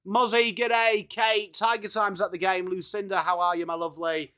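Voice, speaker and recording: A young English man hosting a live football watchalong, chatting with viewers by name and reading team lists, his voice slightly hoarse. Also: high-pitched, flat delivery, normal speed, sharp tone. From England. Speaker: watchalong host. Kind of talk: casual live stream chat.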